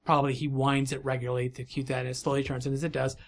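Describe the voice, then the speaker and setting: A man's voice: medium pitch, flat delivery, racing, gravelly. Man narrating a tabletop game. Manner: rambling, many fillers and restarts, laughs often. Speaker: game master.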